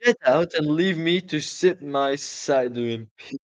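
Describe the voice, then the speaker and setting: A man voicing a greedy male rat in a storybook, shrieking his lines in a shrill scolding voice. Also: unhurried, lightly acted, low-quality recording.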